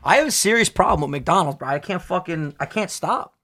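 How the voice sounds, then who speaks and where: A young man co-hosting a casual podcast, excitable and swearing a lot, jittery from coffee. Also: high-pitched, brisk. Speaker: podcast co-host.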